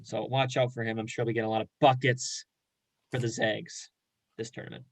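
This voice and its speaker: A man's voice: mid-range voice, little pitch movement, normal speed, no echo, rough recording. Confident guy giving picks. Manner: confident, opinionated picks with sports slang. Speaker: co-host. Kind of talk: casual sports chat.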